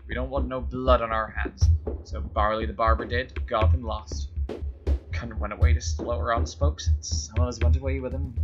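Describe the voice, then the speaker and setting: A man reading as a coarse, foul-mouthed gang boss who spits out bitter, vengeful threats in a rough folksy dialect, the accent drifting as he goes. The voice sits at an ordinary middle pitch, and loud game music plays behind it. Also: lo-fi sound, lightly acted. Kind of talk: reading game dialogue aloud.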